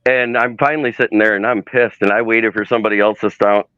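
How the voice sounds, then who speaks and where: A man with a low voice tells animated stories on a casual livestream. His sound is dry and a little dull, like a lo-fi call. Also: fast talker, smooth, dry recording. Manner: animated storyteller, acts out quotes. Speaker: sports media intern and livestream guest.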